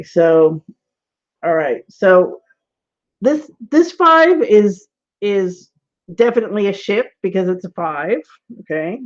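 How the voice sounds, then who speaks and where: A woman teaching a casual online tarot class, talking in a rambling, chatty way with lots of "like"s and frequent laughs. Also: on the low side. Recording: dull lo-fi webinar audio.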